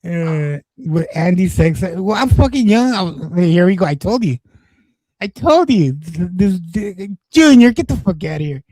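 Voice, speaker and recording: A man's voice: sits high, animated, normal speed, hardly any pauses, mellow, no echo, low-quality recording. Rambling foul-mouthed man, dry close voice. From East Los Angeles. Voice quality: profane, rambling, many restarts. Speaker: streamer. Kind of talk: casual storytelling chat.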